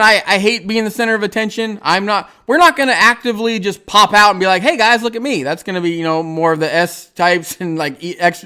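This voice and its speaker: High, bright-voiced man rambling on a livestream. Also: smooth. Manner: rambling, hesitant, many fillers and restarts; chuckles often while talking. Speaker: livestream host reading viewer comments. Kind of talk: casual livestream chat.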